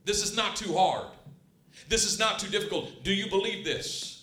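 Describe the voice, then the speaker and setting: A man preaching a sermon with passion, swinging between hushed, tender lines and loud, emphatic ones. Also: sits high, moderate pace. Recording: roomy echo.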